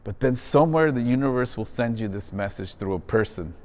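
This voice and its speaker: A man's voice: mid-range voice, lively intonation, brisk, long reverb tail. A man who performs in theater, talking in a casual, earnest and reflective way during an interview, often calling the listener "man".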